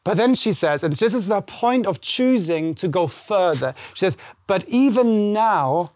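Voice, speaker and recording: A high-voiced pastor gives a warm, conversational sermon at a church service, with lively intonation and a moderate pace. He speaks animatedly, acting out the scripture dialogue, and the sound is close and dry without room echo.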